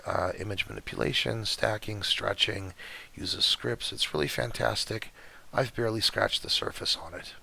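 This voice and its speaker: A man whose voice keeps cutting in and out, walking through software step by step in a relaxed, chatty way as he records his screen. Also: lowish voice, creaky, breathy edge. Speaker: astrophotography tutorial maker.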